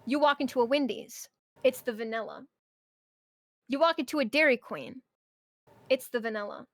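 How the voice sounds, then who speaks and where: A woman's voice: high-pitched, normal speed, a bit bright, dry recording. A young woman streamer chatting casually and ranting about her job, swearing often and breaking into mock outbursts. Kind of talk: casual chat.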